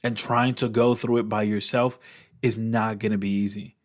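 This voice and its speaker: A man's voice: fairly low pitch, little pitch movement, normal speed. A man hosting a podcast, giving a heartfelt, encouraging talk and often repeating his key phrases for emphasis. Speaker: podcast host and coach.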